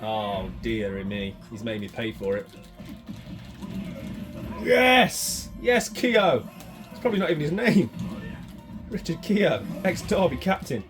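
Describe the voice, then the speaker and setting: A man giving excitable running commentary while playing a retro fighting game, swinging between mutters and shouts. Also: medium pitch, takes it slowly, pauses often, music in the background. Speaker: retro gaming channel host.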